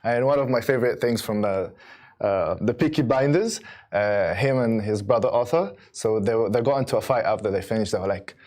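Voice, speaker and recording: A man's voice: on the low side, fairly quick, darkish tone. A man co-hosting a casual studio chat, a bit nervous, with hesitant speech and frequent stammers and restarts. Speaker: co-host.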